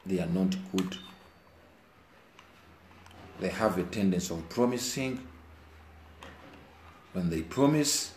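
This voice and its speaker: Expressive and a little mellow, a low-voiced Ugandan man speaks slowly with long pauses, delivering an earnest, preachy, emotional monologue to viewers as a commentator in Luganda and English. He's indoors with rain outside, captured with roomy echo and faint background hiss.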